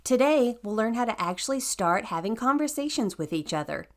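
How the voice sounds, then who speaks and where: A woman's voice: on the high side, animated, a little fast. A woman narrating a scripted language lesson in an upbeat, encouraging way. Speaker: language teacher.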